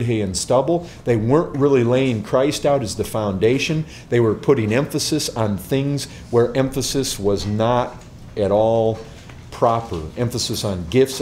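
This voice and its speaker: A man's voice: medium pitch, a little mellow, a little hiss or hum. A man, a pastor, answering a question before a group in an emphatic teaching style, repeating words and asking rhetorical questions.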